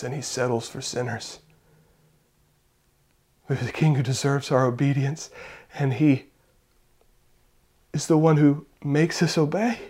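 A male pastor preaching a sermon, building to loud fervent peaks and dropping to hushed, intimate passages. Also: medium pitch, flat delivery, measured pace, gravelly, pauses often, slightly rough.

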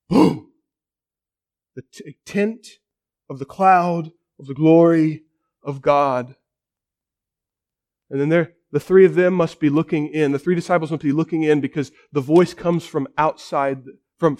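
High-voiced preacher, dramatic storytelling. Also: male voice. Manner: dramatic storytelling, drops to a hush for weight. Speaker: pastor. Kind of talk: sermon.

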